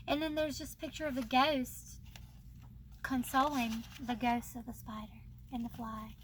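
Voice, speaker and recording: A woman's voice: high voice, fairly even intonation, normal speed, slight background noise. A young woman hosting her book channel, chatting casually and bubbly, laughing often. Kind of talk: casual chat about books.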